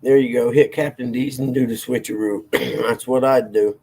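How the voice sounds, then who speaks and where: A man's voice: medium pitch, steady tone, normal speed, a little mellow, husky. A man hosting a livestream, chatting casually with viewers in a rambling, self-deprecating way and chuckling often. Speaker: livestream host reading chat. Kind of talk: casual chat.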